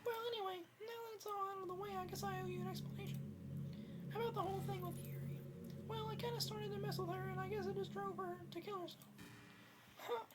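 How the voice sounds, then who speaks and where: A man voicing a self-aware, possessive and lonely teenage schoolgirl game character in a strained falsetto, reading the lines aloud. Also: fairly even intonation, fast talker. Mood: confessional. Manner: reads the on-screen lines aloud in a put-on girl's voice. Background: loud game music.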